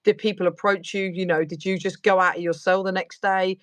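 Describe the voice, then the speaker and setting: A woman's voice: fairly low pitch, steady tone, a little fast, no room sound. A woman hosting a casual interview, asking long rambling questions full of fillers. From United Kingdom. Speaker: host.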